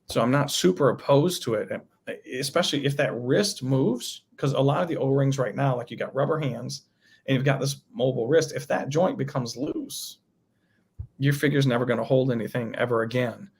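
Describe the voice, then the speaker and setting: Podcast guest, male, husky gravel in the voice, rambles eagerly. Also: mid-range voice, normal speed. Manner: enthusiastic, rambling explanations. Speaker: toy designer guest. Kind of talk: casual podcast chat.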